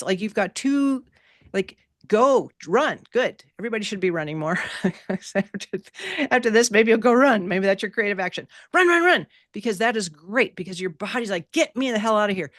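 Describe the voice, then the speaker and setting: Animated woman teaching an online class. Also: medium pitch, no echo, studio quality. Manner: animated, playful, repeats key words. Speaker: workshop teacher. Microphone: video call.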